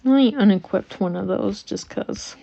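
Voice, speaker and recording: A woman's voice: mid-range voice, moderate pace, vocal fry, dark tone, dull audio. A woman running a tabletop game on a stream who teases her players, laughs often and uses many fillers. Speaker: game master.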